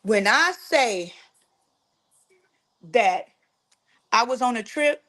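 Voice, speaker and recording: Frank, animated woman telling a story. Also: fairly high pitch, very slow. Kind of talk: casual storytelling to followers.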